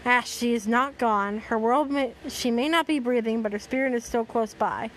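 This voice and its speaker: A woman's voice: on the high side, moderate pace, a little hiss or hum, close to an everyday voice. A woman reading a fatherly creature god.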